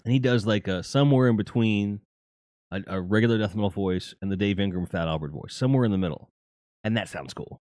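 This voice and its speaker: A man's voice: fairly low pitch, fast, a little mellow, no echo, studio quality. A man hosting a casual, rambling and jokey chat about music. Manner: rambling and jokey, with lots of fillers and laughs. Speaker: host.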